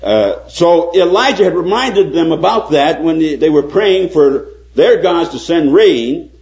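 An older man preaches with dramatic flair, building to loud, ringing readings of scripture. His pitch swings widely as he tells the story. The recording is dull and lo-fi. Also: sing-song, unhurried. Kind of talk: sermon.

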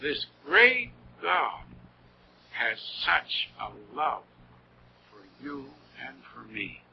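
Earnest slow-speaking preacher man, lo-fi. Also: mid-range voice, sing-song, gravelly. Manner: earnest, slow and heartfelt, with rising emphasis. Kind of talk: sermon. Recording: dull lo-fi old recording with faint noise.

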